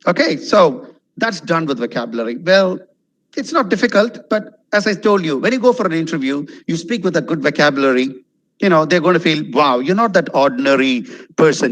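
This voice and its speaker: A man teaching spoken English over a video call, his voice sitting a little high for a man. He drags out words and swings his pitch up and down on purpose to show how intonation works. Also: rough recording. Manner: animated, drawn-out demonstrative intonation. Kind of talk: webinar lecture. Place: online webinar.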